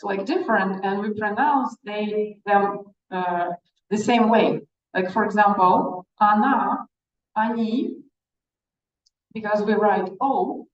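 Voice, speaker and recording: A woman teacher speaks slowly and patiently, repeating words for beginners. Her voice sounds distant from the mic in a roomy space with reverb. The recording is dull and lo-fi. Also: mid-range voice. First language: Russian. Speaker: Russian language teacher. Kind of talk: classroom language lesson.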